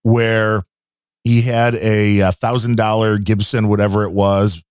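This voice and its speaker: A man's voice: on the low side, little pitch movement, measured pace, darkish tone, clear, resonant tone, no echo. Upbeat podcast host man, dry sound. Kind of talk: casual chat.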